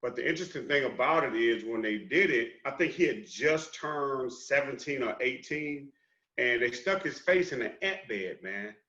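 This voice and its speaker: A man on a discussion panel gives animated, casual talk and keeps tossing in "man". His voice sounds bright and sharp. It echoes around the room, and the sound is a bit dull. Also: medium pitch, normal speed. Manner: animated, dropping in "man" often.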